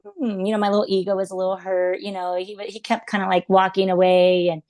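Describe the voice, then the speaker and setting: A woman's voice: mid-range voice, flat delivery, fast talker, a little mellow, no room sound. A woman in her thirties, a podcast guest, telling personal stories in an earnest, reflective way, with lots of "um" and "like" fillers. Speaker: podcast guest, animal intuitive. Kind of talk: casual storytelling interview.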